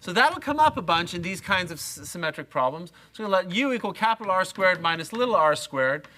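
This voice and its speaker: Middle-aged man, university lecturer, bright tone, fairly high voice, chatty and self-mocking, live lecture hall. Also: expressive, fast talker. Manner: chatty, self-mocking, talks to students directly.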